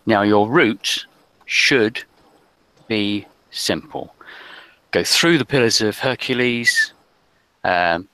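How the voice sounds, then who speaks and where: Male game master, bright tone, hesitant narration with many fillers. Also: fairly low pitch, slow pace, pauses often, smooth, no echo, rough recording.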